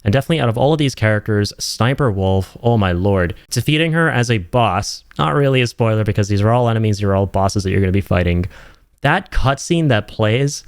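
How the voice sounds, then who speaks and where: A young man with a fairly low voice excitedly reviewing a video game, emphatic and loose with his slang. The sound is close and dry, with no room around it. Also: brisk, no room sound.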